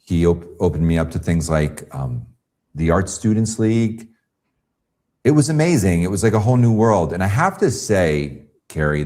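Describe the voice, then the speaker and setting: A man with a very low, deep voice, a guest artist on a podcast. He tells his story in a casual, animated way, slipping into other people's voices as he quotes them.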